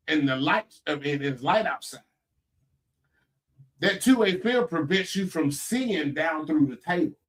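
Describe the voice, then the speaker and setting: Animated man with a lively, wide-swinging voice. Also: fairly high pitch. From Florida. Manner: animated, incredulous, rambling with restarts. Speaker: host. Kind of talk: casual live-stream talk. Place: home workspace at a computer.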